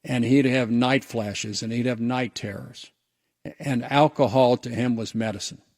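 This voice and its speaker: A man's voice: mid-range voice, fairly even intonation, a little slow, a little mellow, no room sound, clean studio sound. A man who hosts a radio show, telling a personal story in an earnest, reflective way, often restarting his words. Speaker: radio host.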